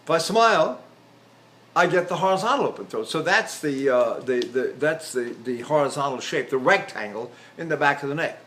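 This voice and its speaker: A man's voice: a little high, expressive, normal speed, fairly bright tone. A man in his eighties, a voice teacher, giving a chatty lecture on vocal technique and breaking into sung examples. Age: 80s.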